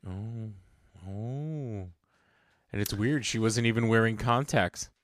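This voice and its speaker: A man's voice: lowish voice, slow pace, slight background noise. A man co-hosting a casual podcast, reacting to the story with dry joking asides. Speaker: podcast co-host.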